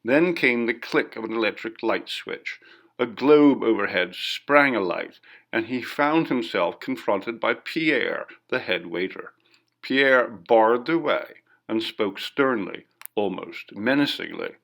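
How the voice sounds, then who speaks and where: A man reading a classic ghost story aloud in measured, dramatic narration. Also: on the low side, lively intonation, gravelly, fairly bright tone. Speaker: audiobook narrator.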